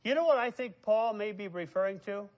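A middle-aged man preaching a sermon, emphatic and loud on key words. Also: high-pitched, brisk, lo-fi sound. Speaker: pastor.

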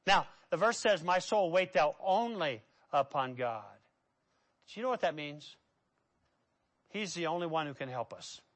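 Man, pastor, sermon, high voice, repetitive cadence, loud peaks and quiet drops. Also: animated, unhurried. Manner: rises to loud emphatic peaks, then drops low and quiet.

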